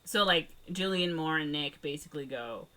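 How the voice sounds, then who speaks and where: A woman's voice: low-pitched, animated, moderate pace, sharp tone. A woman co-hosting a podcast, casually retelling a movie plot in a rambling way full of "like" and "um". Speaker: podcast co-host. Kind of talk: casual movie recap chat.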